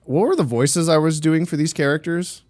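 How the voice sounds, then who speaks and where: A man's voice: on the high side, moderate pace, darkish tone, no echo, soft background music. A man streaming live through a slight voice changer, bantering crudely with chat as he reads it. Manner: crude, joking banter while reading chat.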